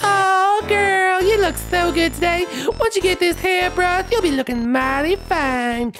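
A man's voice: extremely high pitch, measured pace, over music, voice pushed up. A man voicing a vain, fussy female ghost mother in a cartoon, gushing and shrieking. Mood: preening. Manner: gushing over her own looks, then shrieking. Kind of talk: animated cartoon voice acting.

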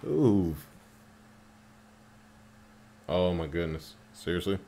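A man casually commentating his mobile game as he plays, getting excited and swearing at the game when it annoys him. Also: deep voice, unhurried, slight background noise. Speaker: mobile game player narrating gameplay.

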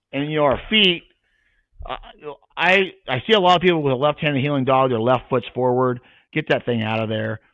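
A man's voice: medium pitch, no echo. A man who trains retrievers, talking casually on a podcast and acting out his handling commands as he explains them. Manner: plain-spoken, demonstrates commands aloud. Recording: tinny phone-like sound.

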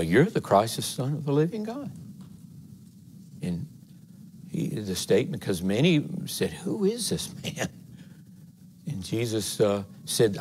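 Man, assistant pastor, mid-pitched, earnest folksy sermon delivery, faint room ambience. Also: darkish tone, slight background noise. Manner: earnest, folksy, rising to emphatic. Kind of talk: conversational sermon. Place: church sanctuary.

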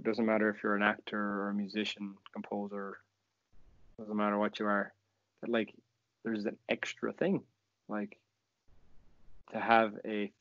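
A man's voice: fairly low pitch, a bit bright, dry recording, highs cut off. An Irish man, a musician guest on a podcast, thinking aloud in casual chat. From Ireland.

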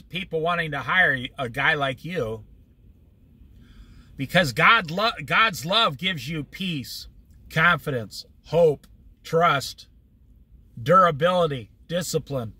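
A man teaching a conversational Bible study with humor, often acting out quick everyday voices. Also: on the high side, sharp tone, breathy edge, no room sound.

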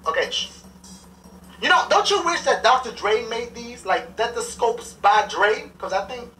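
Guy doing a crude sloppy ghetto doctor, bright high voice, roomy far-off sound. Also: very animated, normal speed, faint music behind, full character voice. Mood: brash. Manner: brash, crude, offhand. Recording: roomy, distant with faint noise.

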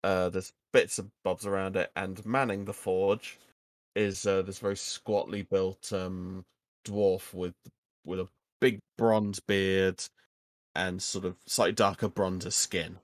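A man narrating as game master, halting with many ums and uhs. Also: low voice, flat delivery, dry recording, studio quality.

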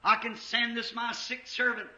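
A man preaching an impassioned revival sermon in a church, rising to shouts at the peaks. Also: very high voice, level tone, normal speed. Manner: impassioned, shouting at peaks, old-time Southern US preaching cadence. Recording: echoey church, dull 1950s tape.

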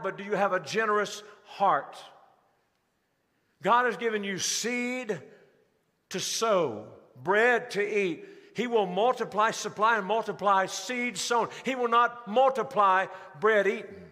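Bright, high-voiced man preaching in a hall. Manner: preaching with rising emphasis and slowed, stressed phrases. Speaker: pastor. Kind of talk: sermon. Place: large church sanctuary. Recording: live church hall reverb.

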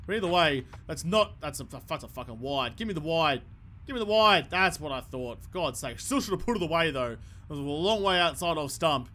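High, bright-voiced man gaming. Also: brisk. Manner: sweary, excitable ranting at the game. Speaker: gaming YouTuber. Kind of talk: gameplay commentary.

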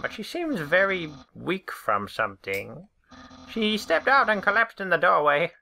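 A woman voicing a loud, boastful male skeleton from a video game, reading his lines with brash bounce. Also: on the low side, big pitch swings, a little slow, vocal fry, a little hiss or hum, voice pushed up, full character voice.

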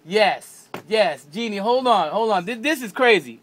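A man hosting live radio, excitedly questioning coworkers in the station. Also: sits high, measured pace, slight background noise. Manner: energetic, shouting questions at coworkers. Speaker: radio host. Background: crowd of coworkers.

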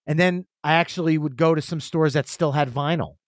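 A man in his forties chats as a podcast guest with a slightly high voice, spinning animated stories and playing out the lines of the people in them. The sound is dry and close, with no room around it. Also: fairly quick, dry recording. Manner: animated storyteller, acts out quotes. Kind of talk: casual storytelling.

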